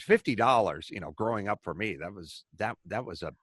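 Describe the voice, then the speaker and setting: Man, middle-aged, talk show host, lowish pitch, dry studio sound, animated storyteller, casual swearing. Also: brisk, breathy edge, no echo. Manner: animated storyteller acting out quoted voices. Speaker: podcast host.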